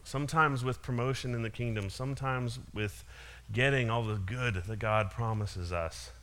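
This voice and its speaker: A man's voice: mid-range voice, moderate pace, fairly bright tone. A man giving a casual sermon, retelling a parable with frequent small laughs and restarts. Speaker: preacher.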